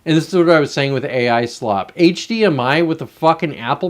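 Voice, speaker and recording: A man's voice: a little high, fairly quick. Profane, sarcastic man ranting solo. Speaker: host. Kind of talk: casual ranting monologue.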